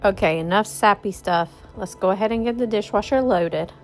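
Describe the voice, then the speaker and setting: A woman's voice: medium pitch, fairly quick. A woman, chatting casually to viewers while cleaning her home kitchen. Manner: chatty, addresses viewers as y'all. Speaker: cleaning vlogger. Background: faint music.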